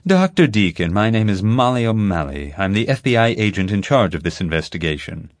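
A man voicing a stern, commanding woman FBI agent in an audiobook, brisk and insistent. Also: fairly low pitch, big pitch swings, dry recording, clean studio sound. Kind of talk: audiobook character voice.

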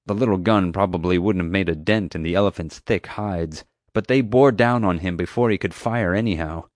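Male narrator, low voice, dry close studio sound, first-person storytelling. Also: a little mellow, no room sound. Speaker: audiobook narrator.

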